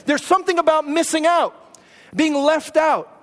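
A man's voice: very high-pitched, fairly even intonation, moderate pace. A male pastor preaching a sermon in a conversational storytelling manner, often tossing rhetorical questions at the congregation. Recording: long hall reverb.

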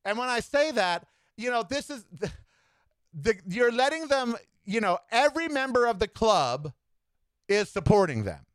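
Man, podcast host, sassy and animated, lively swooping pitch, smooth clear voice, dry close sound. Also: dry recording. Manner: animated, sassy, campy asides. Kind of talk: solo political commentary podcast.

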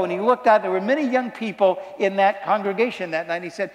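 A man preaching a sermon, telling a story with dramatic swings from loud to hushed. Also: sits high, fast, few pauses. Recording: long reverb in a large hall.

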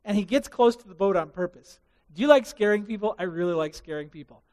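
A man preaching a sermon as pastor, telling the story in an animated way and asking the congregation questions. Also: high voice, quick pace, big-room sound.

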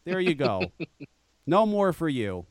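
A man with a high, swooping voice tears into his critics in an angry, profane rant. The sound is close and dry, with no room around it. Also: very animated, takes it slowly, no room sound. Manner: angry, profane ranting with mocking quoted voices. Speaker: live show host. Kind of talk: profane ranting talk show.

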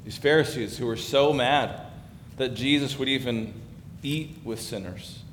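A man's voice: measured pace, fairly bright tone. A man giving a sermon as pastor, talking conversationally and building in emphasis. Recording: echoey hall with faint background rumble.

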